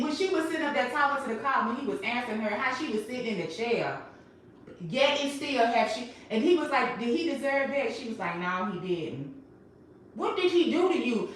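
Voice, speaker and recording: A woman hosting a casual recap chat, telling the story with emphatic, animated delivery. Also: sits high, a little fast, a little hiss or hum. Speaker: host. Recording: echoey room, mic at a distance.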